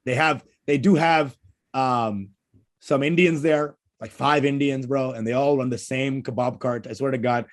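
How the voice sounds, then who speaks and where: Male comic, casual chat, profane and quick to laugh, mid-pitched, video-call audio. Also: fairly even intonation. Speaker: co-host, stand-up comedian.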